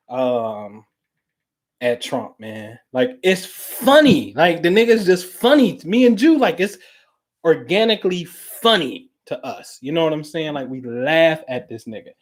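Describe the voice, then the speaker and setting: A man hosting a show, talking in casual, profane chat, telling stories animatedly and dropping to low mumbles. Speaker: podcast host.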